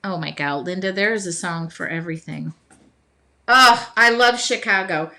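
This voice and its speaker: Her voice sits fairly low, bright and forceful, at a moderate pace. She's a Midwestern American painting during a laid-back live stream, chatting with her audience, laughing a lot, singing snippets, and reading comments aloud.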